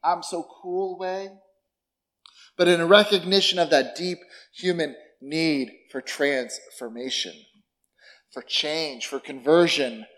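A middle-aged man preaching a sermon as pastor, conversational and expressive, with rhetorical questions and wry asides about himself. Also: a little high.

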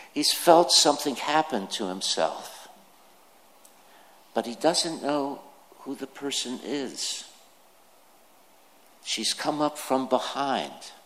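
A man preaching a sermon, slow and deliberate, putting questions to his listeners. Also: medium pitch, a bit bright. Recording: long hall reverb.

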